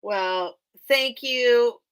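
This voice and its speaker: Chatty woman running a live vintage sale from a cluttered room at home; slow, rambling and easily touched. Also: fairly high pitch, fairly bright tone, smooth, poor audio. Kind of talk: casual live-stream auction chat.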